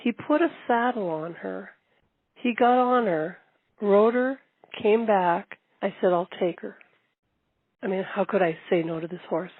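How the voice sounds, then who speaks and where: Older woman, husky voice, phone-like tinny sound, documentary storytelling. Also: medium pitch, measured pace, no echo. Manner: animated storytelling with repeated phrases. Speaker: long-distance horseback rider.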